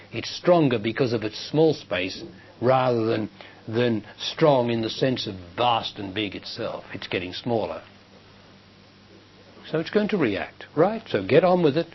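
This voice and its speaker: Man, spiritual teacher, measured, emphatic, medium pitch, lo-fi recording. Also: expressive, slightly rough. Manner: measured, emphatic, rises sharply when quoting others. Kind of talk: public talk answering questions. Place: lecture hall with audience. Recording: dull lo-fi 1990s recording with faint hiss.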